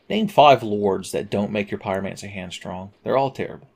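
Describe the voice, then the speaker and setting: A man's voice: on the low side, moderate pace, creaky, few pauses, a little mellow. Sarcastic, joking gameplay commentator man. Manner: sarcastic, profane, rambling jokes. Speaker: game commentator. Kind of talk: let's play commentary.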